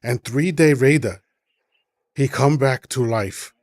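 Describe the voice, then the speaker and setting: A man doing an earnest man in slow broken English. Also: medium pitch, a little mellow, no echo, close to an everyday voice.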